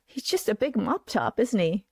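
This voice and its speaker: A woman's voice: on the high side, sing-song, normal speed, darkish tone, husky, dry recording. A woman hosting a livestream in which she builds a puppet. She talks casually and thinks aloud, and her sentences often trail off into murmurs. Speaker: puppet builder and show host. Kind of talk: craft livestream demonstration.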